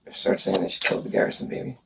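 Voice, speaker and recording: A man recounting events in a police interview, speaking haltingly and hesitantly with many pauses. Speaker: murder suspect in a police interview. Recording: distant interview recording with faint noise.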